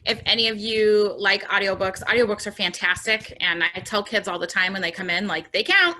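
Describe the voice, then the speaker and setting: Bookstore host, woman, bright tense voice, chatty and upbeat, moderating on a video call. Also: mid-range voice, brisk, few pauses. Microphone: home computer mic on video call.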